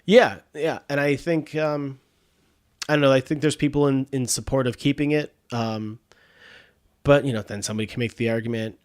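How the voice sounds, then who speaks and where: A man's voice: medium pitch, fairly even intonation, moderate pace. Rambling, congested podcast host man. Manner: rambling, restarts a lot, laughs often. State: congested sinuses. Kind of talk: casual chat.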